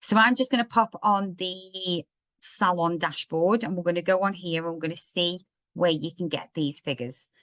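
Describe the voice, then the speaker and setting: A woman with a slightly croaky voice, chatting through a software demo step by step in a live online workshop. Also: lowish voice, normal speed, dry recording. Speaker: software trainer.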